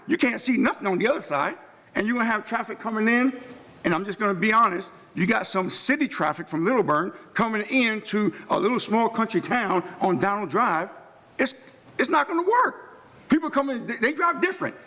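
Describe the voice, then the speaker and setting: A man's voice: high-pitched, fairly bright tone. A man with a New York accent making an impassioned public comment at a county meeting, emphatic and quoting scripture. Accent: New York City. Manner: emphatic, quotes scripture, restarts often. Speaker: resident speaking at public comment. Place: county commission meeting room.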